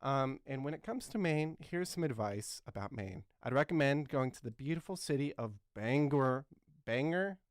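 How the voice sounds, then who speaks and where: A man's voice: medium pitch, expressive, normal speed, no echo, studio quality, close to an everyday voice. A man in his twenties playing an earnest, clueless talk show host who rambles and fills his talk with ums and uhs. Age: 20s. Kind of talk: satirical talk show comedy.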